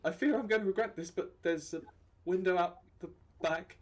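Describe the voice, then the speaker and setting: A man's voice: sits high, normal speed, pitched above the performer's own voice. A man doing a fretful, stammering townsperson. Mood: reluctant. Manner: stammering, reluctant.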